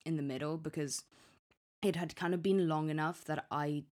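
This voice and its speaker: A woman's voice: low-pitched, steady tone, normal speed, darkish tone. A young woman co-hosting a podcast, telling a story in casual chat with many restarts and acted-out quotes. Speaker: podcast co-host.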